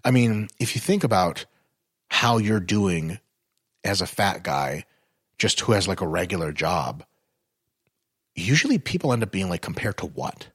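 A man with a husky, slightly low voice talks as a podcast guest, recorded close and dry. He is blunt and swears freely. When he gets fired up, his pitch jumps high. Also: measured pace, long pauses, no echo. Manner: animated and explanatory, swings up in pitch when fired up. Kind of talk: casual podcast chat.

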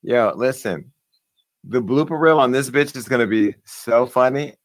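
A man hosting a talk show in casual chat, joking and cursing through rapid banter. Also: mid-range voice.

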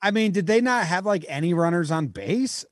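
A man co-hosting a podcast, bantering casually about baseball in an animated, jokey way. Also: sits high, moderate pace, no room sound, clean studio sound. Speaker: podcast co-host. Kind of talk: casual sports chat.

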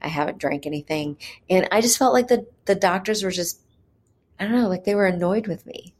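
A woman recounting a hard personal experience, candid and earnest, pausing often with fillers as she talks. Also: medium pitch, darkish tone. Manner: hesitant, with frequent pauses and fillers. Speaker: mother telling her birth story. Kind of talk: personal storytelling.

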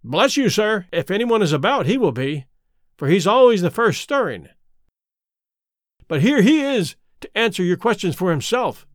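A man voicing a rough-spoken male stable groom with a brusque, loud manner and a high voice. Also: sing-song, normal speed, dry recording, clean studio sound.

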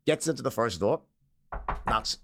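A man's voice: medium pitch, moderate pace, a little hiss or hum. An American man telling stories in a casual interview as the guest, acting out the people in them and laughing often. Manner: lively, animated storyteller who acts out the people in his tales, laughing often.

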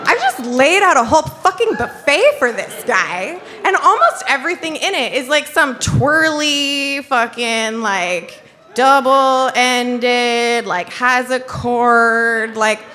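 A woman's voice: high voice, expressive, slow, pushed and bright. A young woman telling a comic personal story to an audience, chatty and full of "like", laughing as she goes. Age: young adult.

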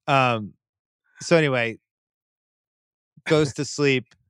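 A man's voice: medium pitch, slow pace, smooth, no room sound. A middle-aged man hosting a sports podcast, telling a long home story in casual chat and acting out what people said. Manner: animated storytelling, acts out voices in quotes. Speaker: podcast host. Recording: dry close studio mic.

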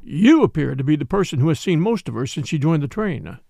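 A smooth, apologetic police official who soothes and persuades with formal courtesy, as a male reader voices him. The voice carries a gravelly grain and sits close and dry on the mic. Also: a little high, very animated, brisk, warm tone, dry recording, full character voice. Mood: soothing.

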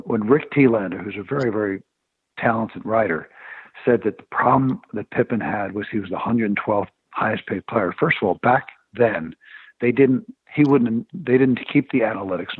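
Male guest, former agent, husky voice, tinny phone line, animated storyteller for radio. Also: on the low side, moderate pace, no room sound.

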